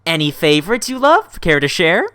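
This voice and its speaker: An enthusiastic woman hosts a casual interview, gushing over her guest and tripping over repeated words. Her pitch swoops and bounces, and the recording is dry and close with no room sound. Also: sing-song, moderate pace, a bit bright, no echo. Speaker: show host and interviewer.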